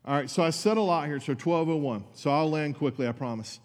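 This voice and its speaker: A man's voice: a little high, a little fast, a little mellow, big-room sound. A man preaching a sermon as pastor, earnest and conversational, with asides to his congregation.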